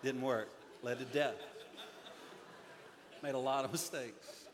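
A man in his forties preaching a sermon, telling stories with animated humor. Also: medium pitch, slow pace, noisy background. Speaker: pastor. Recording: reverberant hall.

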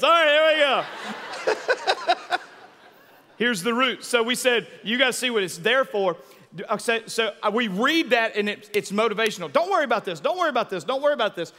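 A high-pitched male pastor in his thirties preaches with lively call-and-response. His voice rings bright and forceful, carried by the long reverb of a large church hall. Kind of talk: sermon.

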